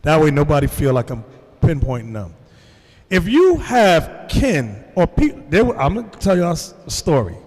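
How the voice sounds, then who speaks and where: Animated New man preaching. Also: on the high side, moderate pace, long reverb tail. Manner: animated storytelling, addresses the room directly. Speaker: religious teacher. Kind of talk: sermon to a congregation.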